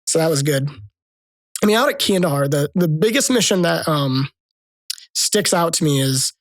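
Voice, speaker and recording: A man's voice: on the high side, moderate pace, no room sound. Man telling a war story, dry sound. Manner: animated storyteller, acts out other people's lines; military jargon. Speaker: podcast guest. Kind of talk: casual storytelling.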